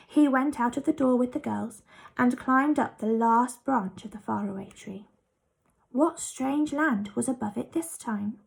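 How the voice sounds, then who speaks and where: Woman storyteller, expressive children's book reading, raised pitch, gravelly edge. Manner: lively, expressive.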